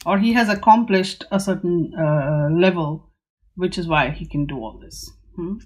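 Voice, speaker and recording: A woman's voice: fairly low pitch, a little mellow, slightly rough. Chatty woman musing over tarot cards. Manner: musing, chatty, acts out the figures on the cards in quick asides. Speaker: tarot teacher and channel host. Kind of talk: casual talk-through of tarot cards.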